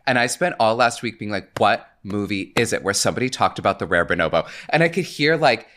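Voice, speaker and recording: A man co-hosting a podcast in casual chat, animated and laughing often as he tells a story. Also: on the low side, quick pace. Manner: animated, laughs often, slips into quoted voices. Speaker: podcast co-host.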